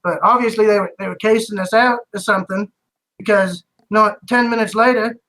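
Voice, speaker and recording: A game master voicing an angry, foul-mouthed male bartender who shouts and complains frantically. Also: mid-range voice, fairly even intonation, fairly quick, natural voice, rough recording. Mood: aggrieved.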